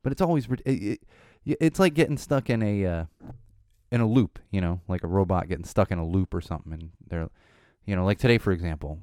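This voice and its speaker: A man in his thirties talking casually about parenting, exasperated, with sudden high-pitched quotes of his young kid. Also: quick pace, darkish tone, clear, resonant tone, no room sound, studio quality. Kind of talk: casual monologue.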